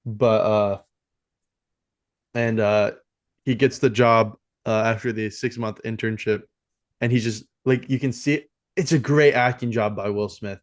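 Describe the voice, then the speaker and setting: A man's voice: lowish voice, steady tone, a little slow. A man co-hosting a film podcast, talking casually and rambling with many fillers and restarts. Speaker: podcast co-host.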